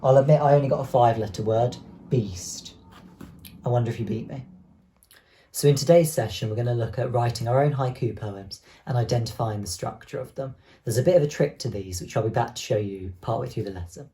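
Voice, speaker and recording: A young man, teaching an online lesson to primary school children in a clear, encouraging way. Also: medium pitch, fairly quick, dark tone. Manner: clear, encouraging, speaks to pupils directly.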